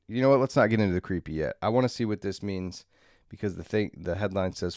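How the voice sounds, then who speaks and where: A man's voice: lowish voice, fast, dry recording. Male streamer, tired and crude, rambling morning chat, dry close mic. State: tired, clearing his throat. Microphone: desk mic.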